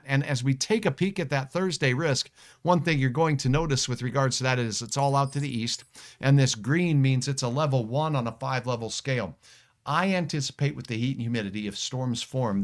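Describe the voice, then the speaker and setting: A middle-aged man, a meteorologist, hosting a live weather stream in a folksy, jokey way, reading viewer comments aloud. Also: medium pitch.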